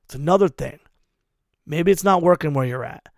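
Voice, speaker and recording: A man in his forties who books hardcore shows rants out profane advice, swearing constantly and hammering his points with heavy emphasis. His voice is a little high and his pace normal, captured in a dry, clean studio recording.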